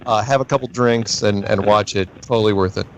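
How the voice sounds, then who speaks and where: A man's voice: lowish voice, steady tone, fairly quick, a little hiss or hum. A man hosting a live call-in show, chatting casually and laughing easily with callers. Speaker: show host.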